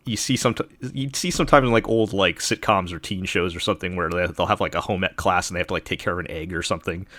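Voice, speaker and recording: A man's voice: deep voice, quick pace, sharp tone, no room sound. A man hosting a casual podcast chat about anime, rambling with plenty of fillers and restarts. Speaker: podcast host.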